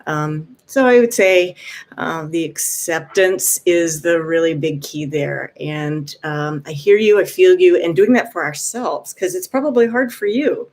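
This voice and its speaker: A woman vlogger giving gentle, encouraging advice in casual talk, often pausing with "um". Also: fairly low pitch.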